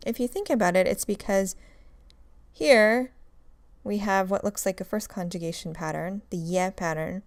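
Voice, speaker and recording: A woman's voice: mid-range voice, moderate pace, dry recording. A woman teaching a recorded grammar lecture, explaining step by step and drilling examples. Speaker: Russian language teacher.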